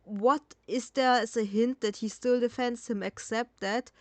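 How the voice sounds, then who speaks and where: A woman's voice: on the high side, steady tone, unhurried, no room sound. Blunt, sarcastic woman reacting late at night. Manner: blunt, sarcastic, swears freely. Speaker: reaction commentator. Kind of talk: casual reaction commentary.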